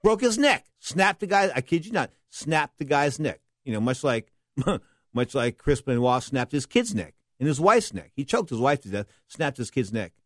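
A middle-aged man hosting a casual monologue, rambling and animated, often pausing to correct the names he gets wrong. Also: medium pitch, no room sound, clean studio sound. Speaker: wrestling history podcast host.

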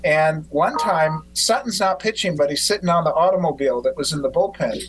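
Animated man telling baseball stories. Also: on the high side, fairly quick, low-quality recording. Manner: animated storyteller, acts out quotes. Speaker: podcast host. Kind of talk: casual conversation.

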